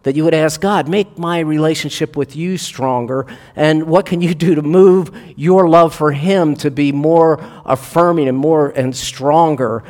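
A pastor preaching a sermon in a conversational, gently joking manner. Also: male voice, on the high side, fairly even intonation, unhurried, few pauses, in a large hall.

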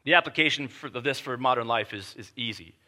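A man preaching a sermon as pastor, telling a story and then reading and explaining scripture, emphatic and dropping low and quiet for weighty points. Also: brisk.

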